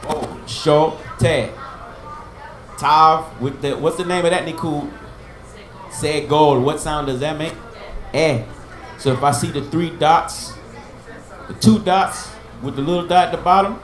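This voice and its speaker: A man's voice: on the high side, roomy sound, a little hiss or hum. A man teaching an informal Hebrew class, patiently sounding out and repeating each word and giving memory tricks. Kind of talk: informal online language lesson.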